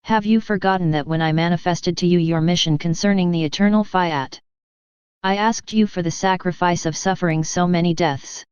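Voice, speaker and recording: A woman reading the words of Jesus, a gentle and earnest divine man, in a solemn, measured devotional book reading. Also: lowish voice, smooth, dry recording, muffled recording, lightly acted.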